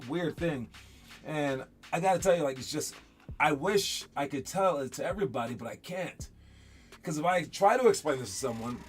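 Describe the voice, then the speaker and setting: A man, a basketball coach, giving a casual motivational talk, rambling and repeating words as he acts out what others say. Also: medium pitch.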